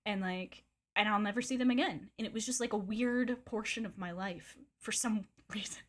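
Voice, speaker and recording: A woman streamer telling a wild personal story in a casual, animated way, swearing freely and laughing often. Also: mid-range voice, normal speed.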